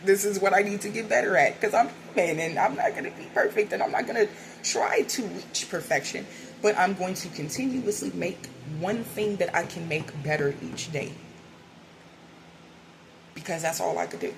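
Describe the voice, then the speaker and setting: A woman's voice: mid-range voice, moderate pace, vocal fry, slight background noise, rough recording. A woman hosting a spiritual video, talking candidly and rambling to her viewers in a casual way, swearing now and then. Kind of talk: casual spiritual talk to camera.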